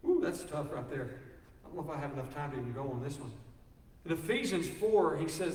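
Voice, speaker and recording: A man preaching a sermon, folksy and animated, joking with the congregation. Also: on the high side, brisk. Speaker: pastor. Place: church sanctuary. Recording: echoey hall, speaker far from mic.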